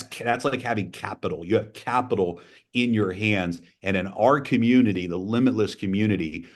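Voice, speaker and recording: Man, lowish voice, enthusiastic host, repeats himself, casual call.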